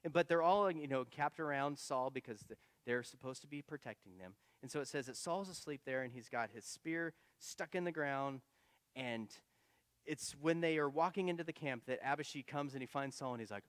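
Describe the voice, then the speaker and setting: A male pastor retelling a story in a casual, animated, conversational sermon. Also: mid-range voice, moderate pace, no room sound, long reverb tail.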